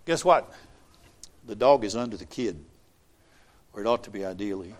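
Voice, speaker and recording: A man's voice: mid-range voice, normal speed, pauses often, a bit bright. A man preaching a sermon, reading scripture aloud and explaining it with wry asides to the congregation.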